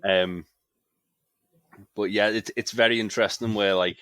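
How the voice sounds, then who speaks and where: A man with a very low yet bright, forceful voice, talking through a TV episode in loose, filler-heavy analysis. The recording is dry and close, with no room around him. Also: fairly even intonation, unhurried, clean tone, no echo. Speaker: podcast co-host. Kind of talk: casual review chat.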